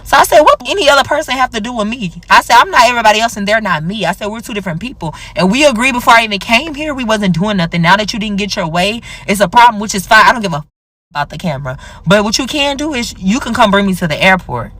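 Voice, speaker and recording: A young woman telling a personal story casually, acting out the dialogue with big jumps in her voice. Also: fast. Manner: animated, acts out quoted dialogue with big pitch jumps.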